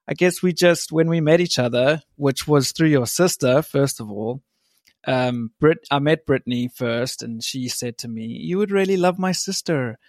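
A man's voice: medium pitch, vocal fry, dry recording, clean studio sound. A young man from South Africa, a podcast guest telling stories in a laid-back, chatty way with frequent laughs. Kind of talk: casual chat.

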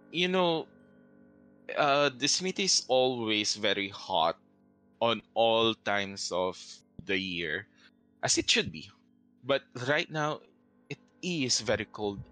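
A man narrating as game master of a tabletop game, halting and full of fillers. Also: medium pitch, bright, forceful tone, low-quality recording. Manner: halting, hesitant with many fillers.

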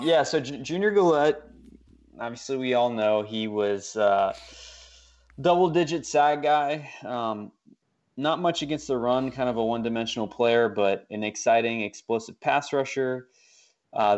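A man's voice: medium pitch, muffled recording. Rambling man on a sports podcast. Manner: loose, rambling, frequent fillers. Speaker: podcast co-host. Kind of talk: casual sports podcast chat.

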